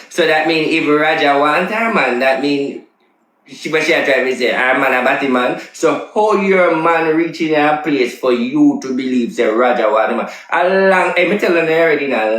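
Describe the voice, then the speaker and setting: A man's voice: medium pitch, moderate pace, a bit bright, echoey room, low-quality recording. Emphatic Jamaican man ranting. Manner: insistent, repetitive, emphatic. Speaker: self-styled prophet vlogger. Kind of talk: casual ranting commentary.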